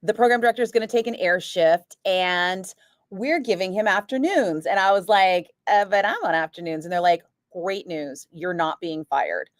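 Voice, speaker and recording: A woman radio DJ chatting casually, telling an animated story and acting out what others said, with lots of "like" fillers. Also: fairly low pitch, normal speed, no echo, clean studio sound. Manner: animated, acts out quoted voices, frequent "like". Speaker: radio DJ chatting with a live stream. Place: radio studio. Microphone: studio microphone.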